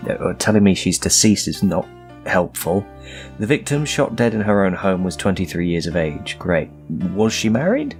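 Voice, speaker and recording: Man, game commentary, low voice, animated pitch, jokey, self-mocking, thinking aloud. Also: normal speed, faint music behind. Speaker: let's play gamer.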